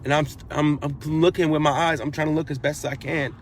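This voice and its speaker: Man with a somewhat high voice recounting events in earnest, repetitive and urgent. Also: steady tone, fast, slight background noise. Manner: earnest, repetitive, grows urgent while retelling; repeats phrases and restarts. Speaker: eyewitness. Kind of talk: emotional first-person recounting.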